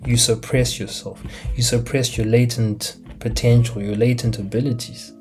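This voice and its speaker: A young man from Africa delivering a casual, animated monologue on a laptop mic, asking rhetorical questions and dropping into slang. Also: mid-range voice, moderate pace, soft background music. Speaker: commentator.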